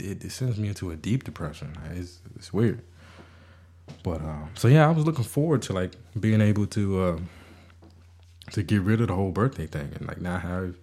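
Low-voiced rambling man on a podcast. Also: a little mellow. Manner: rambling, stammering restarts, frequent swearing; self-deprecating, cynical. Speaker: podcast host. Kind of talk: casual podcast monologue.

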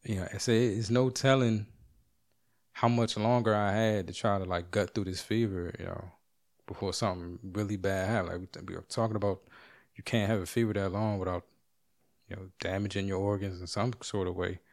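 A middle-aged man at home telling a story in a casual monologue, animated, swearing and acting out other people's lines. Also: deep voice, fairly quick.

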